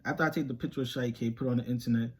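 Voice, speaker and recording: A young man, telling a story to camera in animated, slangy street talk and laughing often. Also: mid-range voice, rapid-fire, slight background noise. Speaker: reaction channel host.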